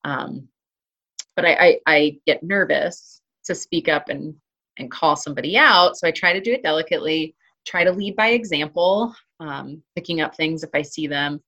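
A woman's voice: sits low, moderate pace, bright, forceful tone. A woman talking casually in an interview about hiking and trail running, chatty, with many fillers and restarts. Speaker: interview guest, hiker and trail runner.

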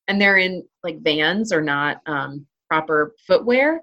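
A woman's voice: lowish voice, lively intonation, unhurried, sharp tone. A woman talking casually in an interview about hiking and trail running, chatty, with many fillers and restarts. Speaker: interview guest, hiker and trail runner.

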